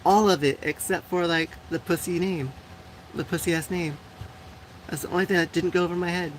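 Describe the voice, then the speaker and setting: A woman's voice: fairly low pitch, fairly even intonation, moderate pace, rough recording. Chatty blunt woman host, faint background hiss. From Puerto Rico. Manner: chatty and blunt, many fillers, frequent laughs. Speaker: live show host. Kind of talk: casual live-stream chat reading viewer comments.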